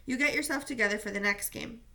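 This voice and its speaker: Brisk caring coach, voiced by a woman reader, bright, firm, no-nonsense. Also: on the high side, gravelly. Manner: firm, matter-of-fact instructions.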